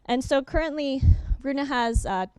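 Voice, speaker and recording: A young adult woman giving a workshop presentation over slides, talking quickly with frequent ums and uhs and correcting herself as she goes. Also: high-pitched, animated, a little mellow, no echo.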